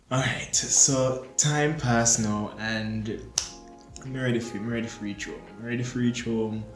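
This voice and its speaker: Young man lilt, storytime. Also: lowish voice. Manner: animated, acts out his own panicked reactions. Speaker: storyteller vlogger. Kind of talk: casual storytime vlog. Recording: echoey room with faint music.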